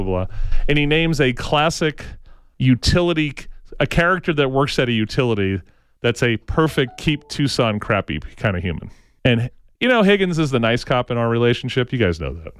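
Rambling man with a smooth, dry voice. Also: medium pitch, no echo. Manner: rambling, repeats "right?" and restarts often. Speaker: talk show co-host. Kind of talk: casual opinionated local talk.

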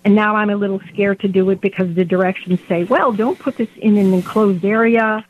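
A woman's voice: mid-range voice, steady tone, brisk, phone-quality sound. A woman from Indiana calling in to a radio show, nervous and rambling as she explains her problem. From Indiana, USA. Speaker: caller. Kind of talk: phone-in call. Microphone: telephone.

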